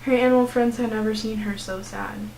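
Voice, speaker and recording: A teenage young woman reading a children's storybook aloud in a steady, clear narrating voice. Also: mid-range voice, fairly quick, a little hiss or hum, poor audio. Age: teens. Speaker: student reader.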